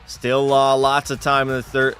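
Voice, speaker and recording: A man's voice: medium pitch, monotone, normal speed, a bit bright, soft background music. Young male streamer, swearing at his game. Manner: casual, swearing, frustrated outbursts. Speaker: gaming streamer. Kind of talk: live game commentary with chat.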